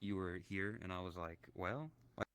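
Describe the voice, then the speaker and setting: A man's voice: low-pitched, moderate pace, fairly bright tone, smooth, no room sound, rough recording. A man chatting casually with a streamer friend, teasing and playing mock offense. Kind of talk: casual chat.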